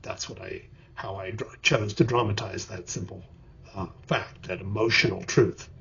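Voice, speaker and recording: A man's voice: sits low, fairly even intonation, moderate pace, gravelly, a bit bright, slight background noise. An older man teaching screenwriting in an explanatory lecture, acting out vivid examples as he goes. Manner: vivid storyteller, acts out examples. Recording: dull lo-fi recording.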